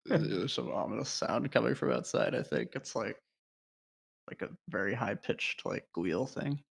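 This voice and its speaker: A man co-hosting a podcast, dropping dry, offhand jokes in a relaxed way. His voice has a gravelly, creaky edge. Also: lowish voice, moderate pace. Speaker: podcast co-host. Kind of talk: casual chat.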